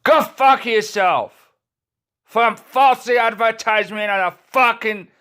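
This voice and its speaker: A man's voice: very high-pitched, bright, forceful tone, clear, resonant tone. A man delivering a furious, profanity-filled rant to the camera, swearing nonstop and tripping over his words. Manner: furious, swearing constantly, stumbling restarts.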